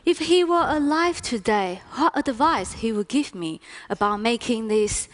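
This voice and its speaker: A woman from China whose first language is Chinese, speaking English on a lecture stage as a first-person interpreter, with slow, deliberate phrasing. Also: fairly high pitch, animated. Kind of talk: stage talk.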